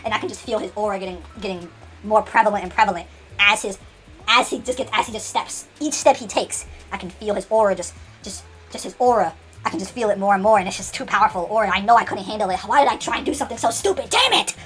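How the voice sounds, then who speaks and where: A woman's voice: medium pitch, steady tone, fast talker, fairly bright tone, faint music behind. Rambling woman telling a story. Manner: rambling, with many restarts and dramatic asides. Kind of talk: casual story narration.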